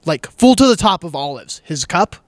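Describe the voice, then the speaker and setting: A man hosting a comedy podcast, chatting casually, laughing often and firing quick questions. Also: on the high side, very animated, no echo, clean studio sound. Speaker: podcast host.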